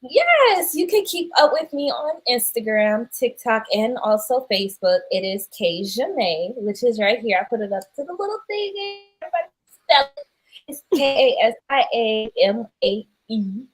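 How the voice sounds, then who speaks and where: A woman's voice: on the high side, very animated, moderate pace, rough recording. A young woman with a New Orleans accent, a guest actress chatting casually in an interview and laughing often.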